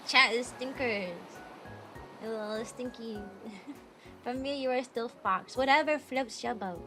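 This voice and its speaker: A woman's voice: a little high, measured pace, bright, forceful tone, soft background music. A young woman streaming casually as a VTuber, talking energetically and playfully and breaking into silly voices and barks. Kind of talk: casual livestream chat.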